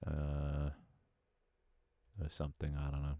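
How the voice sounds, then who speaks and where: A man's voice: rumbling low, monotone, takes it slowly, dark tone, clear, resonant tone, no room sound. A man streaming a game and chatting casually, rambling, swearing freely and reacting to his chat. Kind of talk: casual gameplay livestream commentary.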